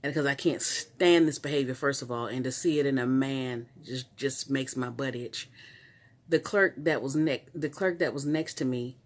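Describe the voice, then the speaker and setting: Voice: medium pitch, normal speed. Exasperated storyteller ranting on a vlog. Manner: animated, exasperated storytelling with frequent restarts. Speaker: vlogger. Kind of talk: casual story-time rant.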